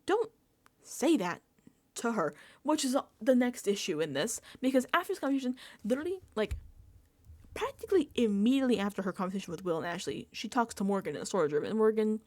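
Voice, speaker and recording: A woman giving a casual, emphatic reality-show recap and reaction, talking fast with lots of fillers. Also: fairly high pitch. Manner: animated, emphatic, filler-heavy chatter. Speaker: recap vlogger.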